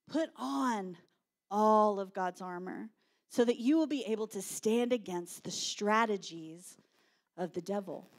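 A woman pastor, preaching a sermon with animated storytelling and shouted quotes. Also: medium pitch, a little slow.

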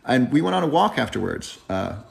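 A man's voice: medium pitch, sing-song, fairly quick, creaky. A man in his thirties hosting a live health Q&A, talking earnestly and reflectively to viewers. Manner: earnest, reflective, tearing up at times. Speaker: health channel host. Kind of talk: live Q&A chat. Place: driving, in a car.

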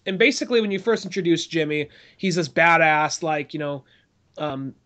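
On a casual movie podcast, a co-host with a slightly high, bright, forceful voice talks loosely and swears freely. He often slips into quick character impressions while retelling scenes.

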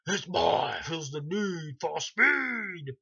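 A man doing a high, drawn-out mocking voice of a gleeful male dream-slasher villain, recorded on a dull lo-fi mic. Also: sing-song, creaky, sharp tone, husky, heavily acted. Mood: taunting.

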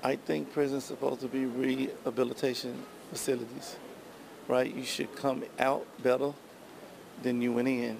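Man, gravelly, monotone, casual interview. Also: medium pitch, normal speed, noisy background. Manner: laid-back, fillers like "you know". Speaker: interviewee, rapper.

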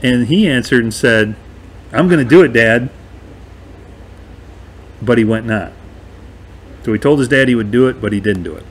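A man's voice: mid-range voice, brisk, a little hiss or hum. A man teaching a verse-by-verse bible study in a conversational, emphatic way, often checking in with his listeners.

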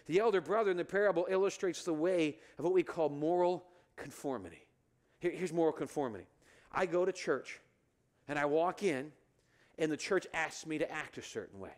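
A male pastor preaching in a church, his voice pitched high for a man and swinging widely up and down. He acts out the quoted lines and keeps the sermon lively. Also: normal speed. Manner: animated, acts out the brothers' lines with rising pitch. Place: church sanctuary.

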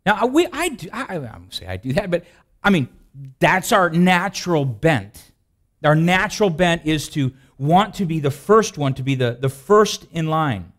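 Lively, joking male pastor. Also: fairly high pitch, moderate pace. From US Midwest. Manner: folksy, joking storyteller with asides and restarts. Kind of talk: sermon.

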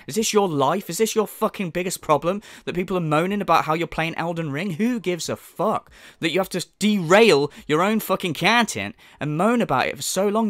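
A man's voice: fairly high pitch, a bit bright, no room sound, clean studio sound. A man hosting a mocking commentary, sarcastic and sweary, often mimicking others in exaggerated voices. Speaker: commentary channel host.

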